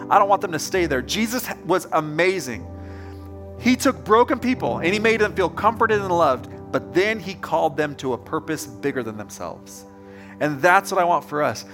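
A male pastor giving a conversational sermon to his congregation, telling stories and speaking directly to them. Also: sits high. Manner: casual, anecdotal, direct address to congregation. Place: church service.

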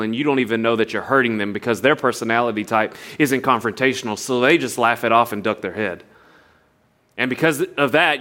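A young adult man, preaching a sermon with storytelling and earnest appeals. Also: on the high side. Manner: storytelling, animated impressions of others, earnest. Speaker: pastor.

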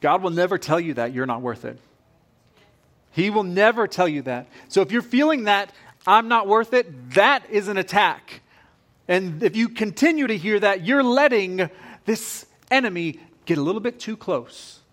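A male pastor preaches with animated energy and often repeats his phrases to drive a point home. His voice sits a little higher than most men's. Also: moderate pace. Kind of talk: sermon.

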